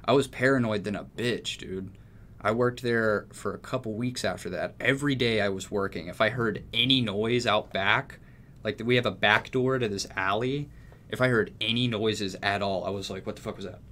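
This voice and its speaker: A man's voice: fairly low pitch, normal speed, a bit bright. A young man from Texas telling a story in casual chat, rambling and swearing freely. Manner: profane, rambling, laid-back. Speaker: music producer.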